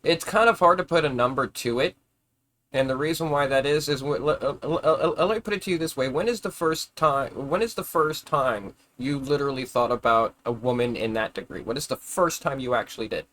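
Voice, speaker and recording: A man holds forth on a live stream in a loose, rambling rant. He swears freely and argues his point. He trips over his words and restarts them often, and his voice sits at an ordinary middle pitch. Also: fairly quick, fairly bright tone. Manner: rambling, profane, argumentative, with frequent stammered restarts. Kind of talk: casual ranting monologue.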